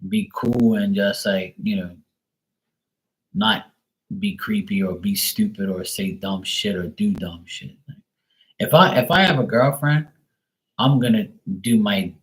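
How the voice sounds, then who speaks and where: A man's voice: on the low side, measured pace, long pauses, low-quality recording. A middle-aged man hosting a live stream in casual, rambling chat, blunt and profane, with many fillers, sometimes acting out other people in raised voices.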